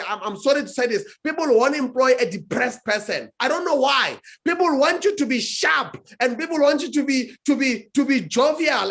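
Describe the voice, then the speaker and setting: A man's voice: very high voice, creaky, fairly bright tone. A man, a talk show guest, giving motivational advice emphatically and repeating phrases for effect.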